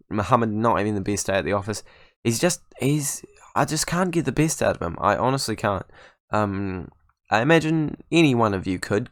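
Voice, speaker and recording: A man's voice: lowish voice, no room sound, clean studio sound. Chatty young man commentating a game. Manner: chatty, self-mocking, rambling asides. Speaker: gaming YouTuber. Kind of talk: casual gameplay commentary.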